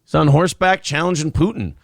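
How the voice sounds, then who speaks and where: A man co-hosting a morning radio show, trading jokes and reading news aloud. His voice is rough and gravelly, close on a dry studio mic. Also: a little high, fast, no echo. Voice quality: joking, reads news aloud. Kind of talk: casual banter.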